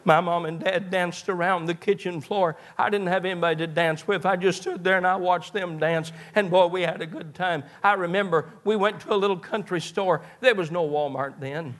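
A man's voice: sits high, steady tone, normal speed, hardly any pauses, fairly bright tone. A man, preaching a sermon in a folksy storytelling way, often restarting his words. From eastern Kentucky. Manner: folksy storytelling with repeated stammered starts.

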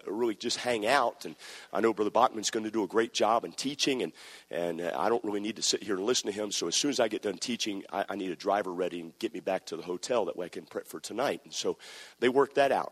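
A man preaching a sermon, telling stories and building from quiet narration to loud exhortation. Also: husky. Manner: builds from low conversational storytelling to shouted exhortation. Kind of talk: sermon with storytelling. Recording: long hall reverb.

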